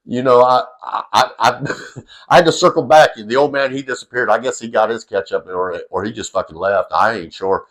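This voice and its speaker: A man's voice: mid-range voice, normal speed, fairly bright tone, low-quality recording. A middle-aged man with a drawl tells a personal story in a loose, rambling vlog style. He is folksy and salty-tongued and pads his sentences with "you know" and "I gotta tell you.". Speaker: vlogger telling a personal story. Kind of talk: casual storytelling.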